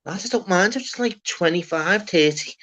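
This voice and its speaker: A man's voice: sits high, expressive, normal speed, pushed and bright. A young man with a Liverpool accent hosting a live online panel in casual chat, rambling and swearing, often asking "do you get me". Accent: Liverpool (Scouse). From Liverpool, England. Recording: slightly muffled online call audio.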